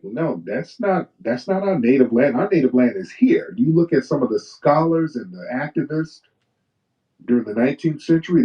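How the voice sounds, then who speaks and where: A man hosting a live talk stream, talking in a preachy way and reading old quotes slowly with emphasis. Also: medium pitch. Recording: distant, muffled live stream audio.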